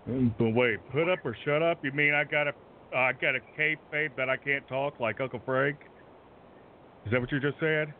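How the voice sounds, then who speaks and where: A man's voice: medium pitch, normal speed. A man in character as a brash wrestler, bragging and rambling, stretching his words for effect. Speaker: wrestler persona on a talk show. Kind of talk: in-character wrestling promo chat. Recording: tinny phone-like line, faint noise.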